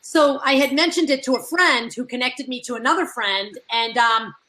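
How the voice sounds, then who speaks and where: Chatty woman on a video call, high bright voice, animated storytelling. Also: moderate pace, low-quality recording. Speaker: guest caller. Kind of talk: casual chat on a video call.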